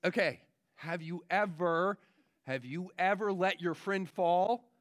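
A man preaching a children's sermon as pastor, telling stories in a lively, chatty way with many fillers. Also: high voice, slow, no echo. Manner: animated storytelling, many fillers.

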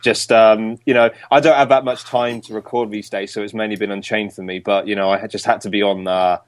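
A man's voice: fairly low pitch, steady tone, brisk, no echo. A man co-hosting a casual podcast, laid-back and full of fillers. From England. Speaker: podcast co-host.

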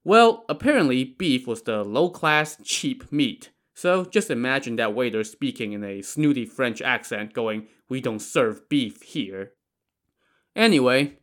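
A man's voice: mid-range voice, a bit bright. A man narrating a classic tale in a casual way, with joking asides. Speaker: storyteller.

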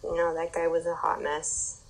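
A woman guest on a podcast, chatting casually and agreeably, quick to chime in. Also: lowish voice, monotone, slight background noise, low-quality recording. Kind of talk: casual chat.

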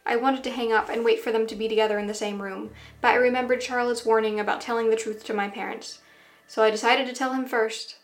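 A woman's voice: a little high, steady tone, fast talker. Woman narrating a first-person story.

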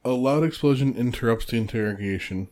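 Man calmly reading a summary. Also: medium pitch, fairly quick. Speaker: podcast co-host.

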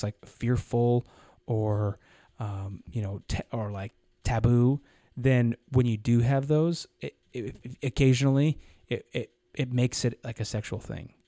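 Mellow-voiced man chatting on a podcast. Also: medium pitch, no room sound, studio quality. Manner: rambling, acts out quoted people in anecdotes. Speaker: podcast co-host. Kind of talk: casual podcast conversation.

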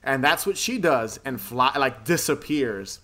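Bright-voiced man recapping a movie. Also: medium pitch, expressive, a little slow. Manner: rambling, laughs often, swears casually. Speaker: podcast co-host. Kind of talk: casual movie recap chat.

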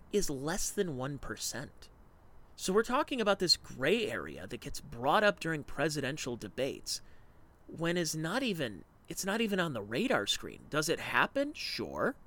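A man's voice: mid-range voice, pushed and bright. A man giving sarcastic, ranting opinion commentary.

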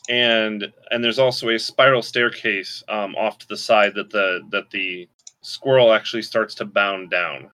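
A man's voice: on the low side, steady tone, a little slow, sharp tone. A man narrating as game master in a casual, rambling way full of fillers.

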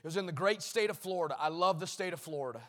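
A middle-aged male preacher delivering a sermon, shouting rhythmic repeated lines and dropping to quiet storytelling. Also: high-pitched, racing. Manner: swings between shouted exclamations and quiet storytelling; repetitive, rhythmic preaching cadence.

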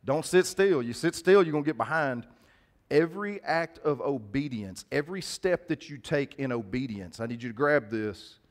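A man's voice: mid-range voice, expressive, moderate pace. Male pastor, mid-range voice, preaching conversationally to his church. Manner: conversational preaching with call-outs to the congregation. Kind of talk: sermon.

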